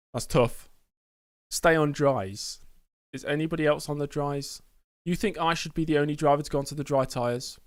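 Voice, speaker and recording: A man's voice: a little high, dry recording, clean studio sound. Joking man streaming a racing game. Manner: joking, banter with chat, addresses viewers as mate. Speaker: sim-racing livestreamer. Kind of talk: casual livestream chat, mock press conference. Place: indoor streaming setup with green screen.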